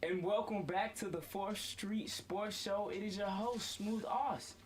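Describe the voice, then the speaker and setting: A man's voice: high voice, steady tone, measured pace, loud music behind the voice. A young man hosting a student sports talk show, playful and self-correcting, often calling out to the audience. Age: young adult. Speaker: host. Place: student media studio.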